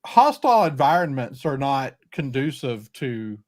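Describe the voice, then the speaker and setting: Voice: medium pitch, big pitch swings, unhurried, darkish tone. A podcast co-host chatting casually, hesitant, with many ums and restarts. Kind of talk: casual chat.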